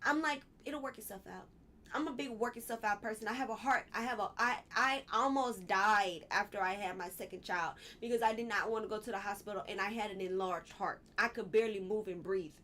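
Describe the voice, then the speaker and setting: A woman's voice: medium pitch, fairly quick, bright, forceful tone. A woman hosting a live stream, giving blunt, emotional political commentary and swearing when she gets worked up.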